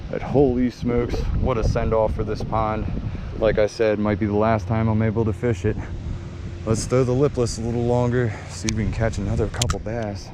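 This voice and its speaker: A man's voice: on the low side, little pitch movement, normal speed. A young man from eastern Pennsylvania giving casual, laid-back commentary while fishing at a small backyard pond, talking to his viewers. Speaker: fishing vlogger. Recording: outdoor camera audio with clear background noise.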